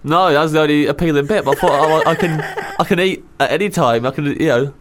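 A man's voice: fairly high pitch, quick pace, background noise. A young man hosting a podcast, chatting casually and laughing often as he rambles. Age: young adult. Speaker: podcast host. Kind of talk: casual chat.

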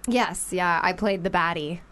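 A woman's voice: fairly low pitch, normal speed, a bit bright, a little hiss or hum. An American woman in her twenties from Las Vegas, a friendly actress guest chatting casually in a radio studio and laughing easily. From Las Vegas, United States. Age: 20s. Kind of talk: casual interview chat.

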